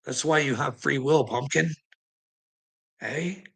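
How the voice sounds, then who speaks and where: Gravelly man ranting at his chat. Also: mid-range voice, takes it slowly, a bit bright, poor audio. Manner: combative, profane, needling viewers by name. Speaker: livestream host.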